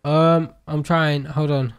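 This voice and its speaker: A man chatting playfully while playing a video game with a friend, quick to laugh and yelp. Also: on the high side, flat delivery, smooth. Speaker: gaming YouTuber. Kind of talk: casual game chat.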